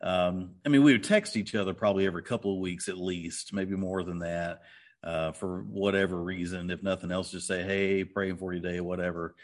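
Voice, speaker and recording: A man's voice: low-pitched, steady tone, brisk. A man co-hosting a podcast in easygoing, rambling casual chat, often laughing. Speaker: podcast co-host.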